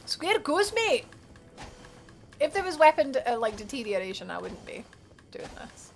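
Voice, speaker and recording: A woman's voice: a little high, expressive, brisk, creaky, darkish tone, slight background noise. A young woman livestreaming a game, chatting casually and bubbly, answering her viewers by name and laughing often. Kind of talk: casual live gameplay commentary.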